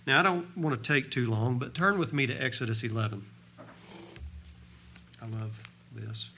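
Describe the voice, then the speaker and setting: Bright-voiced man preaching a sermon. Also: mid-range voice, expressive, normal speed, long pauses, a little hiss or hum. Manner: storytelling, swells loud on scripture then drops quiet.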